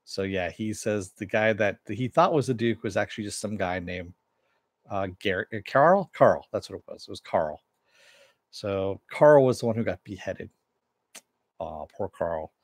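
Low-voiced man casually recapping an episode. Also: normal speed, no echo, studio quality. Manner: rambling, many "uh"s and "in the meantime"s. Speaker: TV episode reviewer.

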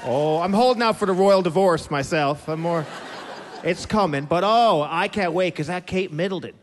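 A man's voice: high-pitched, moderate pace, slight background noise. A male stand-up comedian with a gossipy, mock-chatty delivery.

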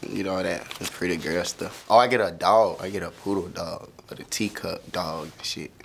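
A man's voice: low-pitched, fairly even intonation, moderate pace, vocal fry, fairly bright tone, a little hiss or hum. A young man talking casually through his own song lyrics, loose and laughing, slipping into sung lines now and then. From Florida. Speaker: rapper explaining his lyrics.

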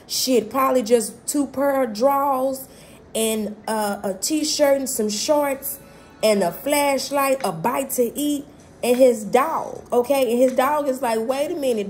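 A woman's voice: fairly high pitch, darkish tone. A woman giving a casual tarot reading from inside a car. She is chatty and swears freely, and often checks in with "okay?". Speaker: tarot reader. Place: inside a car while traveling.

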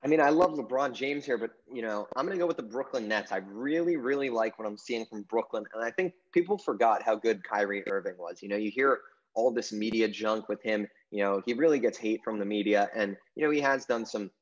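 Fast-talking low-voiced male sports podcaster. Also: highs cut off. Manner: rambling, heavy on "I mean" and "you know" fillers. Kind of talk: casual sports talk.

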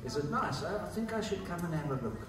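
A man's voice: fairly high pitch, lively intonation, quick pace. An older man with a South African accent, chatting easily with travelers and repeating himself now and then. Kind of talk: casual conversation with travelers. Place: hotel lobby. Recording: echoey and distant with noise.

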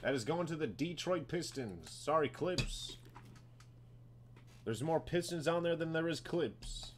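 A man hosting a live sports card break, calling out each card and getting excited over big pulls. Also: fairly high pitch, unhurried, background noise.

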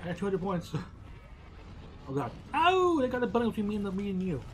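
A man co-hosting a casual game playthrough, joking, laughing often and breaking into excited exclamations. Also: high-pitched, brisk, a little hiss or hum. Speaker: let's play co-host. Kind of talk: casual gameplay chat.

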